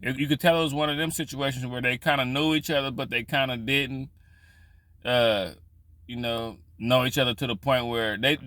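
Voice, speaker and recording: A man's voice: mid-range voice, steady tone, moderate pace, fairly bright tone, no echo. A man vlogging in casual storytelling style, loose and profane, rambling with frequent restarts.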